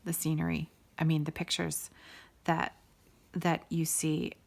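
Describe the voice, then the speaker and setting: Hosting a laid-back stitching video, a middle-aged woman talks to viewers with warm enthusiasm, wandering into many sidebars. Her voice sits low and is gravelly, slow, and monotone.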